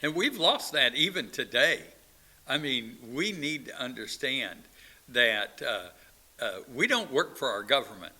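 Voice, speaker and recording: A man's voice: mid-range voice, very animated, measured pace, sharp tone, husky. A man co-hosting a faith and politics talk show, speaking earnestly with frequent hesitations. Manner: earnest, hesitant with many uh fillers. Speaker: co-host. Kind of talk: casual talk show chat.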